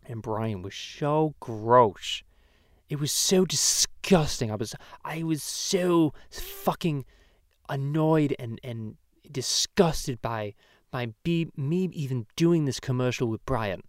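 A man's voice: mid-range voice, animated, unhurried, no echo, clean studio sound, lightly acted. A man voicing a foul-mouthed cartoon baby, ranting profanely and rambling in a comedic podcast. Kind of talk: comedic podcast rant in character.

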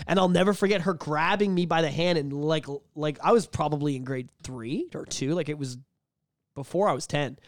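A man's voice: fairly high pitch, brisk, no room sound, studio quality. A man in his thirties, co-hosting a podcast and telling stories with lots of swearing and put-on voices. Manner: profane, animated storytelling with put-on voices. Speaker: podcast co-host. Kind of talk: casual chat.

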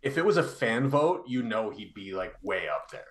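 Low-voiced co-host, analytical and measured, recorded in a roomy echoey space. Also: male voice, very animated, a bit bright. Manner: analytical, measured, filler-heavy. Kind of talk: casual hockey livestream chat.

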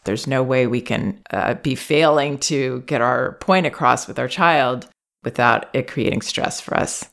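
In a notably low, gravelly voice, a woman offers parenting advice with calm, measured delivery. She occasionally voices, gently, what a parent or child might say.

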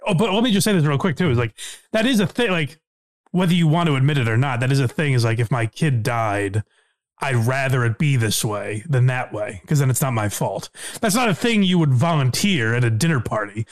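A man co-hosting a podcast and talking casually with a quick, animated delivery full of fillers. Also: mid-range voice. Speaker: podcast co-host.

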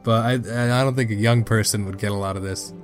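Lively man in his thirties reviewing films. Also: lowish voice, a little fast, faint music behind. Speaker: podcast co-host. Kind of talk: casual movie review chat.

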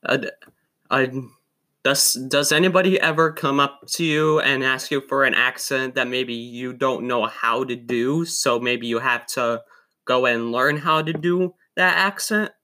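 A man hosting a podcast, asking questions in a halting, casual way. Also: medium pitch, bright, forceful tone. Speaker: podcast host, interviewer.

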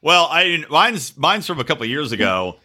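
A man hosting a podcast, telling a crude story in an animated way and shouting when he acts out quotes. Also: on the high side, moderate pace. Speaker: podcast host.

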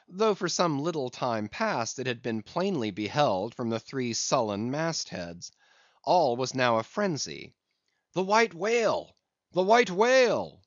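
A man narrating a classic novel in an expressive storytelling manner. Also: medium pitch, no room sound. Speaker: audiobook narrator. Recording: dull lo-fi audiobook recording.

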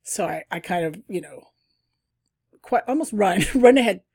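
A middle-aged woman casually telling a travel story, chatty and animated, often laughing. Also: mid-range voice, normal speed, vocal fry, breathy edge, dry recording, clean studio sound.

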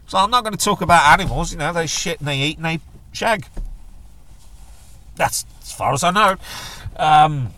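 Chatty man with a lively voice. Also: fairly high pitch, moderate pace, long pauses. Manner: chatty, jokey, does silly voices when quoting others. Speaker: podcast host. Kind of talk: casual solo monologue.

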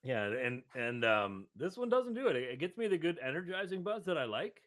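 A man's voice: on the high side, big pitch swings, brisk, a bit bright. A man co-hosting a casual podcast, rambling and riffing loosely. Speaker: podcast co-host. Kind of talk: casual chat.

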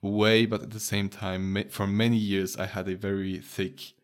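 A man's voice: lowish voice, flat delivery, normal speed. Laughing man with a Romanian accent. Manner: laughs often, many restarts and fillers. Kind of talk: casual chat.

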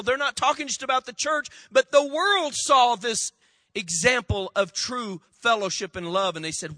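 A man preaches in a folksy, storytelling way and keeps calling on the congregation to answer. His voice sits high and rings bright and sharp. The sound is close and dry. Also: sing-song, normal speed, dry recording. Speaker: pastor. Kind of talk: sermon.

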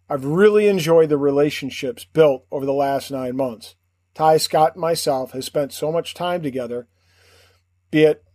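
A man, co-host of a sports podcast, reading a measured, earnest reflection. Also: on the high side, mellow, no echo, studio quality. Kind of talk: reflective scripted monologue.

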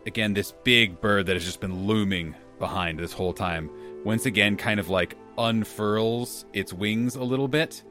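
Bright-voiced male game master narrating. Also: on the low side, moderate pace, soft background music. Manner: loose narration with fillers like "kind of" and "like".

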